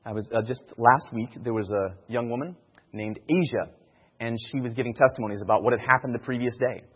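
A man teaching evangelism gives an informal sermon talk on sharing faith, his mid-range voice brisk and slightly rough. He is earnest and repeats key phrases for emphasis. The sound is dull, in a reverberant hall.

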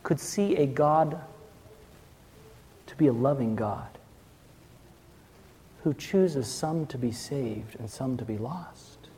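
A male pastor preaching a sermon with passion, his voice swelling and then dropping to a hush. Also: mid-range voice, lively intonation, takes it slowly, long pauses, long reverb tail, a little hiss or hum. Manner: impassioned preaching, rising and falling, hushed at the close.

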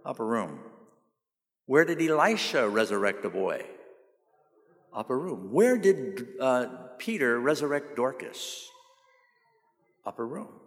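A male pastor preaching a sermon, asking the audience questions and answering them himself, and slowing down to stress key phrases. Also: mid-range voice, very animated. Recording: long reverb of a large hall.

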